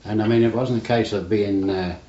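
An older man, formerly of the navy, talks fairly quickly in a lowish, dark voice with fairly even intonation. He tells rambling oral history stories and often says "you see". The archival tape sounds roomy and dull, with a faint hiss.

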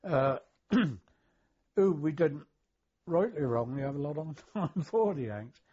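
An older war veteran recalling his service in an interview, hesitant, with many fillers, throat clearing and chuckles. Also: on the high side, lively intonation, takes it slowly, dark tone, highs cut off. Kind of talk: oral history recollection.

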